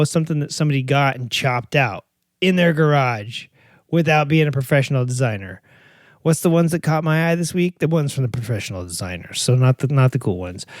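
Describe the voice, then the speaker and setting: A man's voice: medium pitch, no room sound, clean studio sound. A middle-aged man hosting a podcast in a casual, rambling monologue, joking and poking fun at himself, with many fillers and restarts. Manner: joking, self-mocking, lots of fillers and restarts. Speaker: podcast host.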